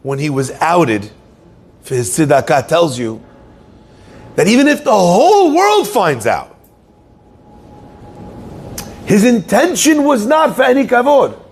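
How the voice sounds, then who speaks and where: Gravelly, animated rabbi telling a story. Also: male voice, sits high, slow pace, long pauses. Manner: animated storyteller who asks the listeners questions. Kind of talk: storytelling sermon.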